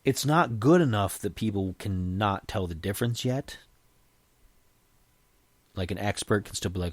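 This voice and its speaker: A man's voice: sits low, moderate pace, dry recording. A man hosting his own podcast, talking casually in a rambling way with frequent restarts. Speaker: podcast host. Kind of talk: casual solo podcast talk.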